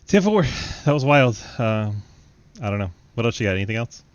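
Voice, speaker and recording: A laid-back male host interviews drivers with easy teasing and frequent laughter, his voice at an ordinary pitch. The sound is dry and a little dull, like a lo-fi voice chat mic. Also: sing-song, brisk, no echo. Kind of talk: casual post-race interviews.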